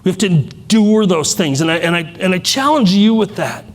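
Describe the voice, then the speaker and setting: A man's voice: sits high, lively intonation, fairly quick, long reverb tail. A middle-aged man giving a keynote, telling personal family stories in a candid, self-deprecating way with many restarts. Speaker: keynote speaker.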